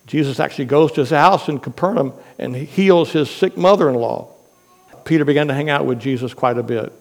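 A man preaching a sermon, retelling scripture stories with lively quoted dialogue and homely asides. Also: mid-range voice, in a large hall, rough recording. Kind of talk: sermon storytelling.

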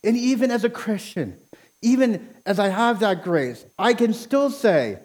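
Impassioned man preaching, high lively voice. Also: a little slow. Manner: impassioned, at times near yelling; repeats words at the start of phrases. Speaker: pastor. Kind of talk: sermon.

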